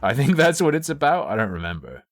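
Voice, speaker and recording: A man's voice: medium pitch, very animated, quick pace, no echo, studio quality. A man streaming live, chatting casually and thinking aloud in a rambling, profane way. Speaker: livestreamer.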